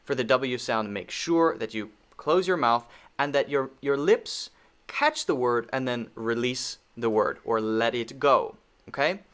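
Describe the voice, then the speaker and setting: A man's voice: mid-range voice, measured pace, fairly bright tone, clean tone. A man teaching pronunciation, speaking patiently and repeating sounds over and over to demonstrate them. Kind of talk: spoken lesson.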